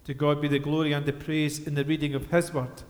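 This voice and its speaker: A man delivers a sermon, pausing for effect as he tells his story. His voice sits high for a man. A long church reverb trails every phrase. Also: level tone. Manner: storytelling with dramatic pauses. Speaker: minister. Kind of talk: sermon with Bible reading.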